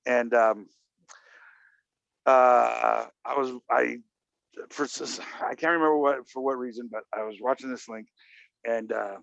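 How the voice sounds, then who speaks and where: A man's voice: medium pitch, steady tone, measured pace, creaky, pauses often, fairly bright tone, no room sound. A man telling a long personal anecdote in casual conversation, rambling with many fillers and acting out what people said. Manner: rambling, many "you know" fillers, acts out quoted dialogue. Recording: dull lo-fi, dry sound.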